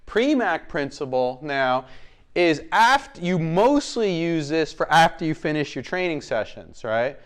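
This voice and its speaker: A man teaching dog training, explaining as he works with a dog. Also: clean tone. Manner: gives short commands and praise to a dog, explaining as he goes; slips into a high sing-song voice when talking to the dog. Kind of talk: hands-on training demonstration.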